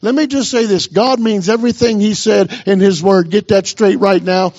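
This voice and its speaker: High-voiced preaching man, lo-fi sound. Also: moderate pace, hardly any pauses, a little mellow. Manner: emphatic preaching, urging the congregation on. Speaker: pastor. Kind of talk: sermon.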